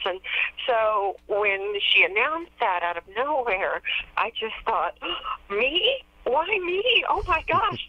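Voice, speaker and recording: A woman guest in a casual phone interview, telling stories in a warm, chatty way with plenty of fillers and restarts. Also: medium pitch, no room sound, muffled recording. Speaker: radio DJ and PR firm owner, interview guest.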